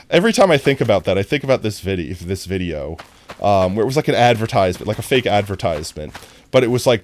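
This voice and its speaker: A live streamer chatting casually to viewers while playing, goofy and rambling, often breaking into high laughter. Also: sing-song, a little fast, a little hiss or hum. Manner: talks directly to chat. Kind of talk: casual gameplay stream chat.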